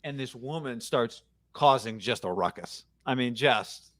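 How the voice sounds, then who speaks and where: A man's voice: mid-range voice, measured pace. A man hosting a casual sports talk show, telling stories with blunt opinions. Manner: animated storytelling, blunt opinions. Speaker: radio show host.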